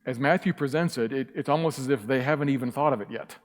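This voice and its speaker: Church hall reverb surrounds a man preaching in a sanctuary with a mid-range voice and a quick pace. Serving as pastor, he is emphatic and impassioned and repeats his key phrases.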